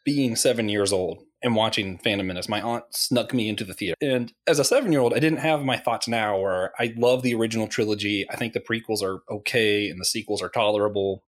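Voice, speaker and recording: A man in his thirties hosting a casual podcast, upbeat and quick to laugh, his voice lifting when he asks questions. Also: lowish voice. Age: 30s. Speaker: podcast host. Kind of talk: casual chat.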